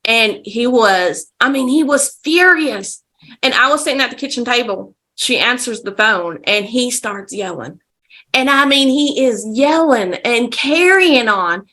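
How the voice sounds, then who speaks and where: A woman's voice: on the high side, unhurried. A woman guest on a podcast, vividly telling stories in a casual way. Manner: vivid, animated storyteller. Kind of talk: casual storytelling.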